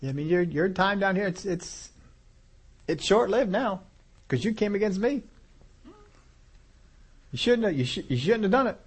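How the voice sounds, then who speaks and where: A man preaching a sermon, animated, acting out voices of God and people and chuckling as he goes. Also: high voice, normal speed, long pauses, husky.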